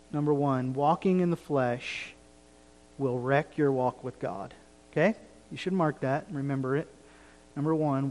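A man's voice: a little high, big-room sound. A male pastor preaching a sermon in an earnest, pleading manner, pressing his points with rising emphasis. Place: church sanctuary.

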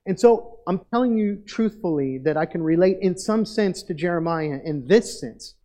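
A man's voice: high voice, expressive, measured pace, darkish tone, poor audio. A middle-aged male pastor preaching a sermon in an earnest way, repeating phrases for emphasis.

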